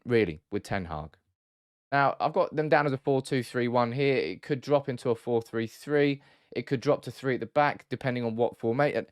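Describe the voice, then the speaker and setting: A man's voice: mid-range voice, a little fast, no room sound, clean studio sound. A man hosting a football analysis video, talking through tactics in a chatty way with frequent restarts and self-corrections. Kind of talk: casual tactical breakdown.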